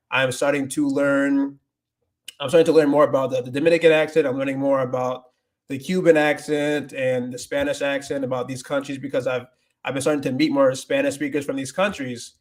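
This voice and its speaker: A man's voice: mid-range voice, flat delivery, fairly quick. A man hosting a casual livestream, rambling with many restarts, switching between English and Spanish and reading viewer comments aloud. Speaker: livestream host.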